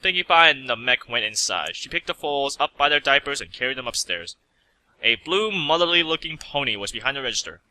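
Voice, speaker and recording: A man reading a fan fiction story aloud in a lively storytelling way. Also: medium pitch, fairly quick, rough recording. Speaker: story reader.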